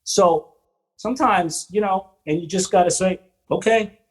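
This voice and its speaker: A man hosting a podcast, telling rambling stories from his work as a theater drummer and quoting other people with animated voices. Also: sits high, moderate pace, rough recording. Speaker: podcast host and Broadway drummer. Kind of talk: casual interview chat.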